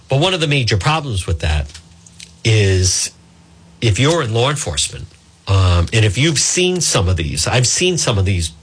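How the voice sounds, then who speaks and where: A radio talk show host battles hiccups on live air, rambling, interrupting himself, and apologizing as he goes. His mid-range voice is a bit bright with a breathy edge.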